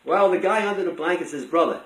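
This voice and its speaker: A man's voice: on the high side, quick pace, a bit bright, pitched above the performer's own voice, natural voice. A man voicing a police detective who questions and explains in a curt, matter-of-fact way. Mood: blunt. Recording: roomy echo.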